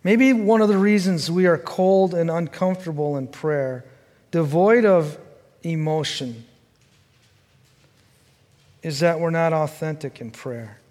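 A man with a high voice delivers a sermon at an unhurried pace. He questions his listeners earnestly and moves between fervent pleading and hushed reflection. His words ring out with a long hall echo. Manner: earnest and questioning, rising to fervent pleading then dropping low. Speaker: pastor.

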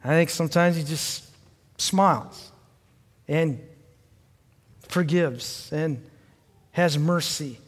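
An older pastor delivers a sermon, sharing a personal family story conversationally and speaking straight to the congregation. His voice is a little high, and he goes slowly with frequent pauses, echoing through a long hall reverb.

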